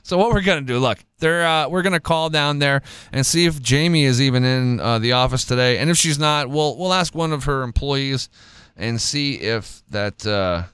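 A man's voice: mid-range voice, moderate pace, a bit bright, clean tone, no room sound. A man hosting a radio show in casual chat, rambling and repeating words as he goes.

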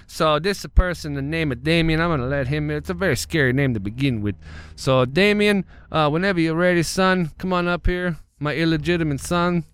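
A man's voice: a little high, fairly quick, fairly bright tone, clean tone, no echo, natural voice. A man voicing a bumbling old priest who hosts a show of scary stories, rambling and chuckling between filler words. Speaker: host.

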